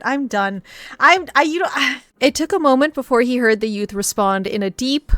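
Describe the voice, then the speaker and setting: Excitable woman reading a novel aloud. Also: high-pitched, moderate pace, no echo. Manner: excitable, laughing, squealing and breaking off mid-sentence. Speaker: novel reader and reactor.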